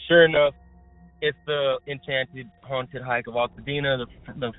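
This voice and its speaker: Young male caller, rambling and excited, packs his story with fillers; tinny phone line, dry, soft music underneath. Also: medium pitch, a little slow, no echo. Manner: excited, rambling, heavy use of filler words. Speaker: caller telling a paranormal experience. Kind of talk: casual storytelling.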